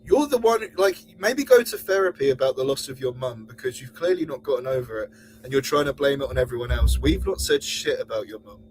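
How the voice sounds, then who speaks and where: A man's voice: expressive, brisk, slight background noise, poor audio. Angry ranting man on a podcast. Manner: angry, sweary, mocks others in high squeaky voices. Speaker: podcast host. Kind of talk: heated podcast rant.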